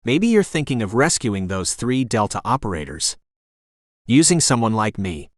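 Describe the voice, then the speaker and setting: Guy reading as a calm terse ex-soldier, short polite answers, dry close sound. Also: lowish voice, moderate pace, no echo. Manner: clipped and respectful. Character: calm, terse male ex-special-forces candidate.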